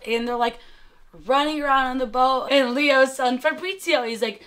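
A woman's voice: sits high, normal speed, a bit bright. Profane young woman retelling a movie. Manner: profane, rambling, laughing. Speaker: guest comedian.

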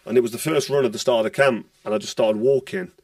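A retired boxer, telling stories bluntly in a casual podcast chat and swearing freely. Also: male voice, mid-range voice, quick pace, darkish tone, dry recording, clean studio sound, recorded from a distance. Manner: blunt, swears freely, acts out quoted dialogue.

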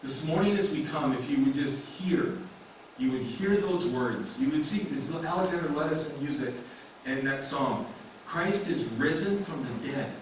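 A man's voice: on the high side, moderate pace, slight background noise. A male pastor preaching a sermon in a conversational way, with many rhetorical questions. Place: church sanctuary. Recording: echoey room mic from a distance.

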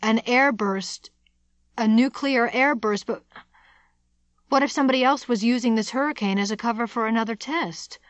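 A woman voicing a brash, blustering male weapons engineer who talks loud and gruff and is quick to shout, in an audiobook. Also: very high-pitched, no echo, voice pushed up. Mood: alarmed. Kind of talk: audiobook character voice.

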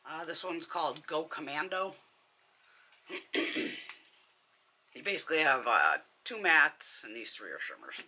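A woman's voice: deep voice, expressive, a little slow, pauses often, sharp tone. A woman beauty vlogger telling a blunt, profane story with frequent laughter while doing her makeup.

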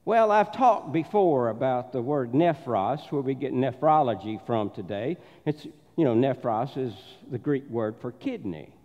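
A man's voice: medium pitch, expressive, unhurried, few pauses, dark tone. A man with a Southern accent preaching a sermon as pastor, telling stories and doing the voices of the people in them. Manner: storytelling, acts out the voices in his anecdotes. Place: church sanctuary. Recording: dull sound with long church reverb.

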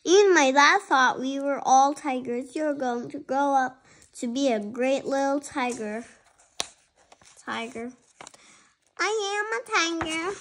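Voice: high-pitched, slow pace, fairly bright tone, a little hiss or hum, full character voice. A child reading as Lily, a stubborn young cat. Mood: insistent. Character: young female cat who believes she is a tiger. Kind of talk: storybook read-aloud.

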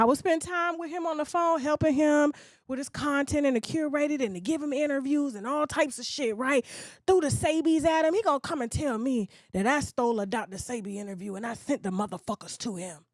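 A woman's voice: sits high, brisk, dry recording, studio quality. A woman blogger delivering a blunt, profane rant, mockingly mimicking other people. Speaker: gossip blogger. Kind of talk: ranting monologue.

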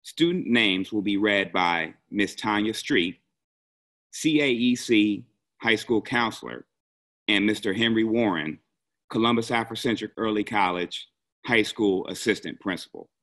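A man's voice: fairly low pitch, fairly bright tone. Formal man certifying graduates. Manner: formal, measured. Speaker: school administrator.

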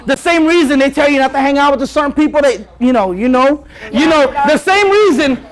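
A man's voice: very high-pitched, a little fast. A man preaching to a youth group, telling stories and acting out scenes with Spanish phrases. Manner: animated storyteller, acts out scenes, mixes in Spanish phrases. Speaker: youth pastor. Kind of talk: youth sermon with storytelling. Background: audience laughing and responding.

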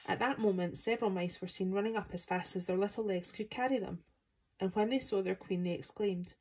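A woman from Scotland reading a chapter of a children's book aloud, in steady, plain storytelling. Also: medium pitch, brisk, slightly rough. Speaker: volunteer reader.

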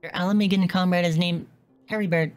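A woman reading aloud as a calm, formal female leader in a game, measured and composed. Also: on the low side, soft background music, natural voice.

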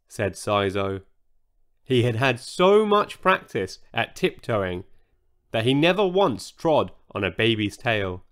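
A man reading a children's story aloud in an animated, expressive storytelling manner. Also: medium pitch.

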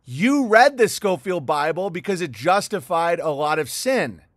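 Middle-aged male stream host, fairly high voice, dry close sound, heated profane rambling. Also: animated, a little slow, dry recording. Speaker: livestream host. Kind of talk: rambling livestream monologue reading viewer chats.

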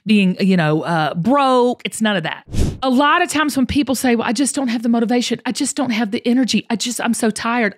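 Folksy woman podcast host. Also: medium pitch. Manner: folksy, emphatic, repeats herself. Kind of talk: casual podcast talk.

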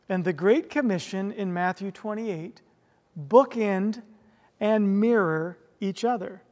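A male pastor preaching a sermon, telling a story earnestly with frequent restarts and quick "right?" asides. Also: sits high. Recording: long reverb of a large hall.

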